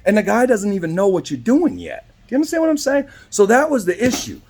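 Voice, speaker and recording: A man's voice: high-pitched, huge pitch swings, fast, darkish tone. A man who works as a barber tells a story in a casual, rambling way, often asking "right?" and acting out both sides of the exchange. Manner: rambling, with frequent tag questions.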